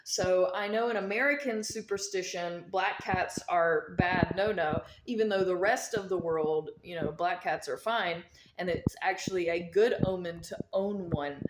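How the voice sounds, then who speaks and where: A woman's voice: fairly low pitch, measured pace, few pauses, noisy background. Emphatic woman explaining in an echoey room. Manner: emphatic, repeats key points. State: talking around a mint in her mouth. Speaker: vlogger explaining dream omens. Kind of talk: casual instructional monologue.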